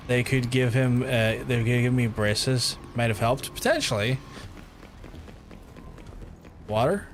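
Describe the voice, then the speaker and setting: A man's voice: medium pitch, slight background noise. A young man, chatting loosely with viewers while playing a game, rambling and swearing. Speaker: game streamer. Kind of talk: casual livestream chat while playing.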